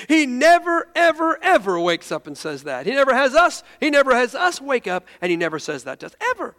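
Male pastor, high voice, animated storytelling sermon, long hall echo. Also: a little fast. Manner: animated, laughing storyteller with stumbling restarts.

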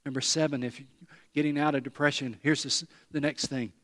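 A man's voice: on the high side, steady tone, a little fast, fairly bright tone, long reverb tail. A man preaching a sermon to his congregation, earnest and emphatic, repeating key lines and calling the people to answer back. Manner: leads the congregation in call and response. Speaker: pastor. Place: church sanctuary before a congregation.

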